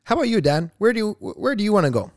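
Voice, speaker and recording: A man's voice: high voice, big pitch swings, racing, no room sound, studio quality. A man co-hosting a casual podcast chat, playful and teasing, laughing often. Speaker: podcast co-host.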